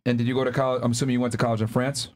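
A man's voice: mid-range voice, level tone, very fast. A man co-hosting a podcast, questioning guests in a dry, casual way. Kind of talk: casual interview chat.

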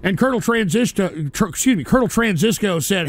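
A man hosting a live talk show, ranting angrily with profane, shouted outbursts and a habit of saying "all right". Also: sits high, expressive, fast talker, no room sound. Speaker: radio show host. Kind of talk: angry live-stream rant.

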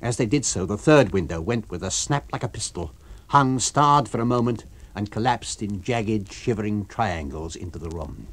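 A man narrating an abridged novel for radio in a measured, expressive storytelling manner. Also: fairly low pitch. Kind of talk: abridged audiobook reading for radio.

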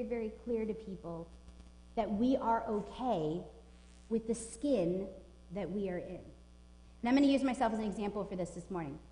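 A woman's voice: mid-range voice, a little mellow. Emphatic woman preaching in an echoing church. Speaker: pastor. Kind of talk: sermon. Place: church sanctuary. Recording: echoey church with long reverb.

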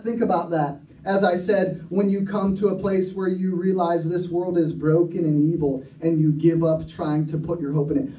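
A man's voice: on the high side, warm tone. A man preaching a sermon at a recovery ministry, telling a story earnestly and often restarting his sentences. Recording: echoey room, mic far off.

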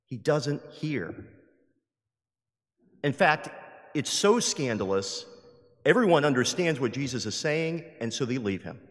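A man's voice: medium pitch, a little slow, long pauses. Emphatic preacher man in a reverberant church. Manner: lively, emphatic, acts out quoted voices. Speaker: priest. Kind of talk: sermon. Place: large church. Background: long hall reverb.

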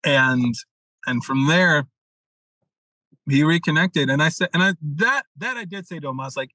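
Animated, swearing male storyteller. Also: fairly high pitch, moderate pace, pauses often, no echo, poor audio. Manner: animated storyteller, swears freely, acts out quotes. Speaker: masculine leadership mentor, guest. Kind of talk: casual podcast conversation.

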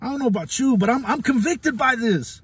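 A man preaches passionately into his phone, his voice very high and husky. He circles back on his words, fires rhetorical questions at the listener, and breaks into laughter. The sound is close and dry. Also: lively intonation, a little fast, dry recording. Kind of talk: impassioned phone-recorded Bible devotional. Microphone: phone camera.

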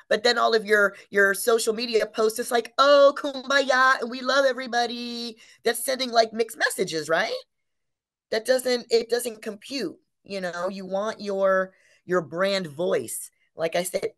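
A woman co-hosting a business webinar, explaining branding in a casual, animated way and asking rhetorical questions. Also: mid-range voice. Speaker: webinar co-host.

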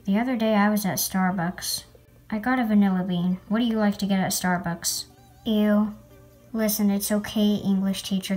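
Young female creator, sarcastic and mock-offended, reading comments over faint music. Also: medium pitch. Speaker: LPS video creator reading hate comments.

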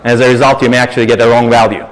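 In a lecture hall, a man delivers a university lecture and fields audience questions, his mid-range voice flat and rapid-fire. He explains emphatically, frequently stressing points and relying on the word "actually," though the recording quality is low.

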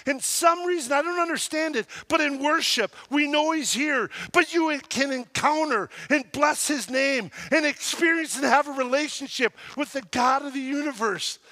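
High, bright-voiced preacher man in a reverberant hall. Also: normal speed, few pauses. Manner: animated storytelling, shouting at peaks. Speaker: pastor. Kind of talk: sermon. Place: church sanctuary.

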